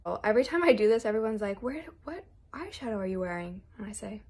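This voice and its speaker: Breathy twenty-something girl doing her makeup on camera, nervous and rambly, casual chat. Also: mid-range voice, very animated, fast, few pauses, darkish tone. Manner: nervous, self-deprecating, chatty. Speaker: model doing a makeup tutorial.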